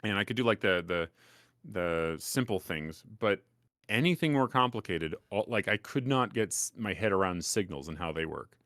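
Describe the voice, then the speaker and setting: A man's voice: low voice, lively intonation, moderate pace, a bit bright, dry recording, clean studio sound. A man co-hosting a podcast, chatting casually, rambling and self-deprecating with lots of fillers and restarts. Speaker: podcast co-host. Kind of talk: casual chat.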